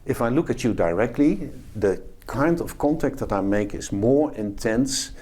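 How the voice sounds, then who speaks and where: A professor explains a topic to camera in a video lecture, demonstrating the behaviours he describes as he talks. His medium-pitched voice is warm and expressive at normal speed, and the camera faces him.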